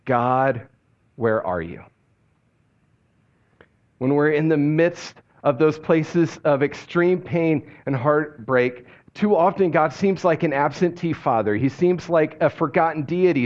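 A man preaching a sermon, speaking slowly and quietly, often dropping his voice low on key phrases. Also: dull audio. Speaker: pastor.

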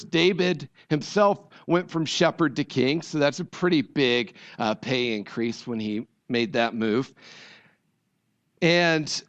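A pastor from rural Ohio giving a sermon, praying, reading scripture and talking easily with the congregation. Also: male voice, on the high side, muffled recording. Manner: conversational, jokes with the congregation.

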